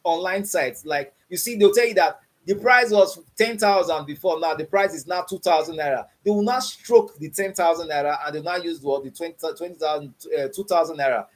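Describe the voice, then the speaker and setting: Guy teaching html on a video call, pretty high voice, keeps asking "you understand?". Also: brisk, few pauses. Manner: repeats "you understand what I'm saying?" and quizzes with "what?". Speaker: coding instructor. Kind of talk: online coding class.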